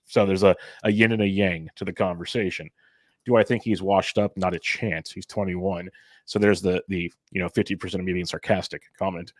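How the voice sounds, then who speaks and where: A man's voice: sits low, a little mellow, no echo, studio quality. A man co-hosting a fantasy baseball podcast, talking casually and a bit sarcastically. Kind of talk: casual sports chat.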